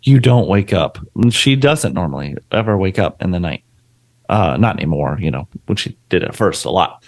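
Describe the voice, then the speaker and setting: This low-pitched voice with some vocal fry belongs to a podcast co-host in his thirties, speaking at a moderate pace. He chats casually, spinning family stories in an animated way and performing the quotes himself.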